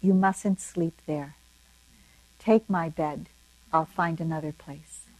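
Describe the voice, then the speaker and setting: An older woman voicing a kind, simple elderly male meditation teacher in a quoted story, gentle, slow and plain-spoken. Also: low-pitched, fairly even intonation, no room sound, rough recording. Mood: caring.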